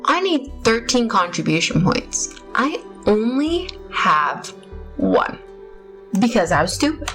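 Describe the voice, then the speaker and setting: A woman's voice: on the high side, big pitch swings, slow, fairly bright tone, low-quality recording. A young woman hosting her gaming channel, talking casually and rambling through her gameplay with self-mocking laughs. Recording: faint music behind voice.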